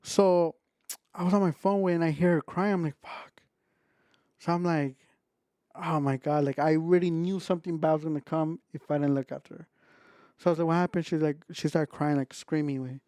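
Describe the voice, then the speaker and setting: Man, young adult, mellow slightly high voice, rambling casual storytelling, dry sound. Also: fairly even intonation, brisk, dry recording. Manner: rambling, acts out his own quotes. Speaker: podcast co-host.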